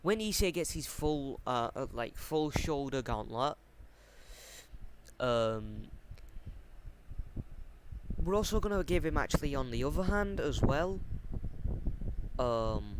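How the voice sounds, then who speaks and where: Hesitant man, slow and halting. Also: medium pitch. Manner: hesitant, full of ums and self-corrections. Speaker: fan fiction storyteller. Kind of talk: casual unscripted plot explanation. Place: warm room at home. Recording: steady fan noise at home.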